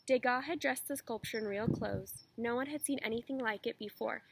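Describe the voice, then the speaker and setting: A teacher reading a children's picture book aloud in a steady, expressive storytelling manner. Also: female voice, on the high side, normal speed, vocal fry, slight background noise, poor audio.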